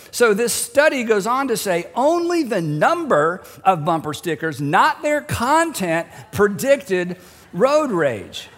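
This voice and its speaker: A man's voice: high-pitched, very animated, takes it slowly, fairly bright tone, long reverb tail. A middle-aged male pastor preaching a sermon in a conversational, humorous way, acting out the voices he quotes.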